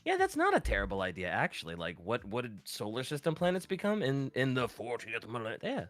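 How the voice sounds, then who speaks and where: A man co-hosting a casual livestream, trading jokes and quick agreements with his partner. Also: mid-range voice, wildly swooping pitch, a bit bright, dry recording. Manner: joking banter, quick agreeing interjections. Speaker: co-host of a livestream.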